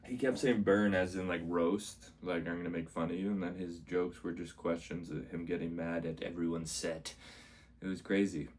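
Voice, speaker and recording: A man with a low voice tells his week's stories in a loose, rambling way, and he keeps coming back to the same upbeat words. He is a comedian talking to camera about his shows, and he sometimes acts out what other people said. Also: darkish tone. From Canada. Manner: rambling, repeats "amazing", acts out quotes. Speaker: stand-up comedian vlogging. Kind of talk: casual rambling recap.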